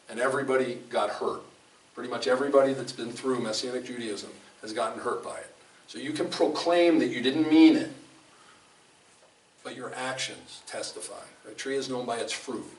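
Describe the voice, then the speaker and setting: A man giving a conversational, storytelling sermon in a fellowship hall, speaking emphatically and often restarting his sentences. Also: medium pitch. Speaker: preacher. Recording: echoey hall from a distant mic, faint room noise.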